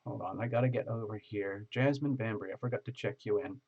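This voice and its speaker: A man's voice: lowish voice, fairly quick, gravelly, husky, dull audio. A man hosting a live tarot stream, reading viewer comments aloud and joking as he greets people by name.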